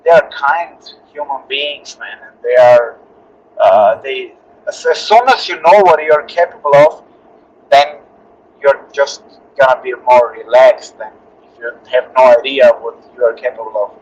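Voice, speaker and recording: A male fighter answering interview questions earnestly in halting, restarting English. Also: mid-range voice. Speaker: UFC fighter being interviewed. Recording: slightly dull lo-fi audio.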